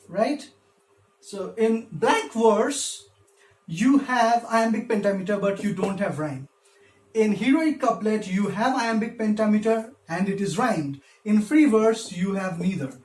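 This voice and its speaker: A man's voice: sits high, darkish tone, slight background noise. A man who gives a literature lecture, patiently explaining step by step and stressing syllables when he demonstrates them. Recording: echoey room.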